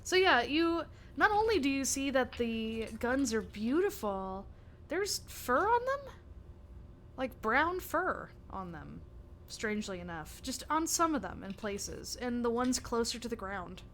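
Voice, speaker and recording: A woman's voice: on the high side, big pitch swings, a little slow, fairly bright tone, slight background noise. A young woman narrating a tabletop game as game master, chatty with many fillers and restarts.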